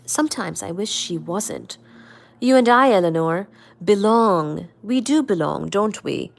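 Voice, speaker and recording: A woman's voice: medium pitch, moderate pace, close to an everyday voice. A woman voicing a troubled, apologetic young man in a novel read aloud, in an earnest, emotional manner. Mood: tender.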